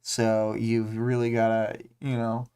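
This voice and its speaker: A man's voice: fairly low pitch, monotone, slow pace, a little mellow, clear, resonant tone. A man hosting a casual livestream discussion, recapping a story with many ums and uhs and putting on voices for quoted lines. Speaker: podcast host.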